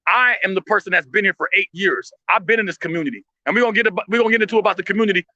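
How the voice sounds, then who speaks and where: A man holds forth in impassioned street commentary, blunt and full of profanity, tripping over restarts as he pushes his point. His voice sits very high and bright, and he talks quickly. The sound is dry and dull, lo-fi. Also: dry recording.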